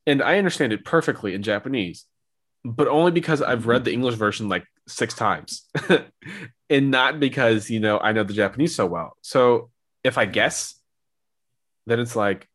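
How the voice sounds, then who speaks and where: A man's voice: medium pitch, moderate pace, fairly bright tone. A young man co-hosting a podcast, talking casually and rambling with lots of filler words. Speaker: podcast co-host. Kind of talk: casual chat.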